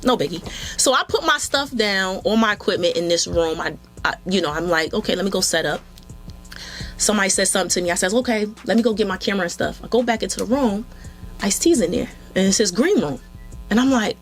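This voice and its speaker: Woman, interview guest, animated storyteller, acts out quotes, faint music underneath. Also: mid-range voice. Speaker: interview guest, film director and photographer.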